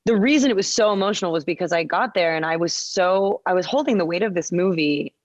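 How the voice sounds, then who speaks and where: A woman actor talking casually about her work, rambling quickly with lots of fillers and restarts. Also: fairly low pitch, no echo, muffled recording. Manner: fast rambling speech with many fillers and restarts. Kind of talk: casual conversation.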